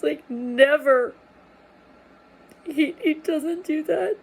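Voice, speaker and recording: A woman vlogger telling a painful personal story, halting and repeating words as she goes. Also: high-pitched, low-quality recording. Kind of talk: confessional personal vlog.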